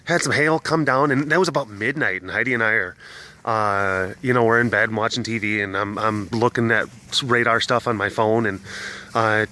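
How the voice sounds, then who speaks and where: A young vlogger who keeps big cats tells a rambling story casually to the camera in a lowish voice at a moderate pace. He's animated, acting out voices as he goes.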